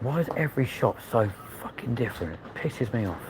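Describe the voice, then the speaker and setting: A man's voice: on the low side, big pitch swings, quick pace, heavy background noise. A young man presenting a casual vlog, filming on a handheld phone as he drives and walks through a supermarket, blunt, sweary and muttering asides. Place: car, then a large indoor supermarket. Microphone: handheld phone while filming.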